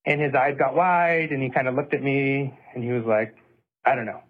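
A man's voice: mid-range voice, fairly even intonation, moderate pace. A man earnestly recounting a personal story, often quoting what he and others said. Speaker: interviewee recounting events. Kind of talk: personal account, clip played on a podcast. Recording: tinny phone-like audio.

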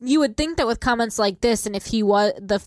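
A woman's voice: fairly high pitch, a little fast, no echo, clean studio sound. A woman co-hosting a casual true crime podcast, reacting with shock and laughter and weighing in on the case. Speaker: podcast co-host.

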